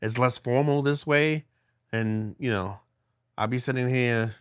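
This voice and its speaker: A man's voice: mid-range voice, a little slow, clear, resonant tone, no echo. A middle-aged man livestreaming from a phone held in his hand at home, chatting with viewers in a rambling way with many restarts. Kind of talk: casual livestream chat with viewers.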